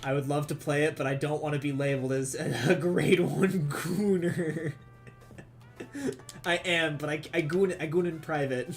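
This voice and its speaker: A man's voice: a little high, steady tone, moderate pace, soft background music. A man from the Southern United States with a Southern accent, chatting casually and cursing a lot while streaming a game, rambling and laughing. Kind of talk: casual gaming stream chat.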